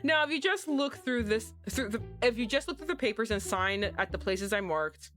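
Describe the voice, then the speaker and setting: A woman's voice: fairly high pitch, animated, moderate pace, fairly bright tone, soft background music. A woman reading as a weary young office man. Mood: weary polite. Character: tired disheveled young man, office worker. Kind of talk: reading game dialogue aloud.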